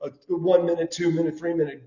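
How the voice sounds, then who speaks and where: A man, telling stories casually as an interview guest, animated and prone to repeating words. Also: a little high, fast talker. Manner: animated storyteller, says "brother", repeats words. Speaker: guest, former wrestler. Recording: dull lo-fi audio in an echoey room.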